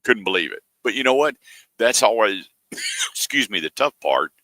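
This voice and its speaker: A deep-voiced man hosts a car radio show, spinning folksy stories and voicing callers' lines. His voice is bright and forward, recorded dry and close in a studio. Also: expressive, normal speed, no echo. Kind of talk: casual radio talk with ad reads.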